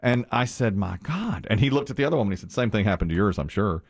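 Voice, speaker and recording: A man hosting a morning radio show, telling a story in an animated way and acting out the quoted lines. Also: lowish voice, fast talker, gravelly. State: sweaty from the gym.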